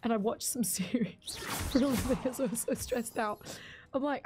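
A woman's voice: a little high, normal speed, noisy background. A woman streamer chatting casually while she plays, rambling through stories and laughing often. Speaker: game streamer. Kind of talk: casual live-stream chat while gaming.

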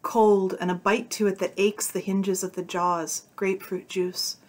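A woman's voice: medium pitch, flat delivery, a little slow. A woman reading a short story aloud, giving the dialogue its own tone. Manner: voices the characters' dialogue with shifts of tone. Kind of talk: audiobook-style story reading.

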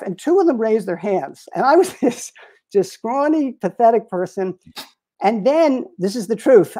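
A man in his sixties, a retired publicist and interview guest, telling lively anecdotes with frequent chuckles. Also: sits high. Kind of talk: storytelling in a casual interview.

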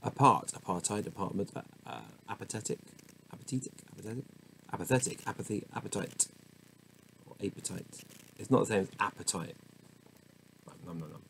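In poor audio with faint background noise, a man races through dictionary entries one by one, stumbling over how words are said and muttering asides. His voice is on the low side, a bit bright, with vocal fry.

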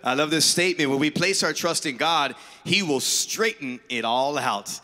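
A man's voice: on the high side, normal speed, bright, forceful tone. Enthusiastic man reading scripture aloud. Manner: enthusiastic, repeats "I love that statement". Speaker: pastor. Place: church sanctuary. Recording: long reverb of a church hall.

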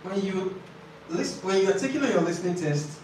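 A man with a fairly high voice teaches a class, explaining slowly, repeating key phrases and quizzing his students. He is recorded from a distance in a very echoey classroom. Faint background noise sits under his voice. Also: expressive, darkish tone. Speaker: IELTS tutor.

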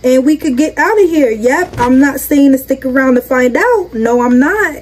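High-voiced young woman commentating a game. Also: animated, normal speed, darkish tone, rough recording. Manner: chatty, reactive, slangy. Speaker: gaming creator. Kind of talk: casual gameplay commentary. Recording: game noise behind voice.

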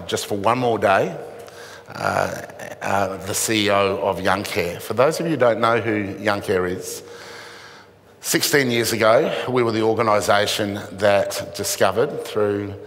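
A middle-aged man, a charity chief, telling stories in a keynote speech, halting and self-mocking. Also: fairly low pitch, a bit bright. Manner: halting storytelling with dry self-mocking humor. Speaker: charity CEO, event speaker. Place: event venue with an audience. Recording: echoey event hall reverb.

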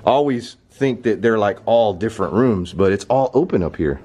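Young man, vlog host, low voice, lively swings, faint background hum. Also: normal speed, husky. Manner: excitable, jumps up in pitch when surprised. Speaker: vlogger host. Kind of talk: casual exploring vlog. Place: abandoned indoor movie theater.

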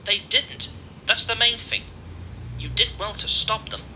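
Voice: medium pitch, steady tone, a little slow, bright, forceful tone, a little hiss or hum, pitched above the performer's own voice, rough recording. A narrator voicing a kind little male tank engine who soothes a friend. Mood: soothing.

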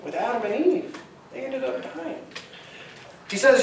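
A man's voice: very high voice, big pitch swings, moderate pace, gravelly, pauses often, a little hiss or hum. A man preaching a sermon as pastor, talking conversationally and asking the congregation questions. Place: church sanctuary. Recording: echoey church hall, mic at a distance.

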